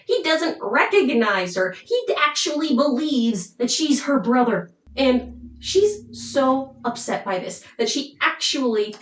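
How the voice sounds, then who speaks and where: A woman's voice: on the high side, expressive, measured pace. A young woman casually retelling an opera plot in a chatty, playful way. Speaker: opera summary storyteller. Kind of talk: casual storytelling. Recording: roomy, distant mic.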